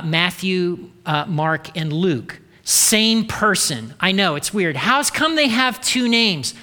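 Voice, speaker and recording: Guy pastor giving a sermon, bright voice, cracks jokes, echoey hall. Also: high-pitched. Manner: casual, joking asides.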